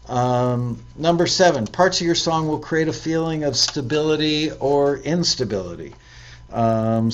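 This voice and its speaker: A man's voice: mid-range voice, dull audio. Man reading tips aloud, chatty asides. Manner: reads aloud and comments, with many ums and self-corrections. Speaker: host reading listener tips. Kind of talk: casual live-stream talk.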